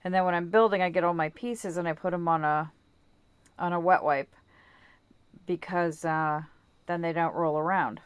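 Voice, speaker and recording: Casual craft tutorial host, woman, somewhat low voice, chatty and self-correcting. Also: moderate pace, long pauses, clear, resonant tone, dry recording, dull audio. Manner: playful baby talk to her dog. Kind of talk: casual how-to demonstration.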